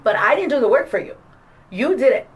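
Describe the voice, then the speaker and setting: A woman who works at an adult school, chatting in a casual interview, encouraging and lively as she retells events with quoted dialogue. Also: sits high, a little fast, highs cut off. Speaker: adult school staff member.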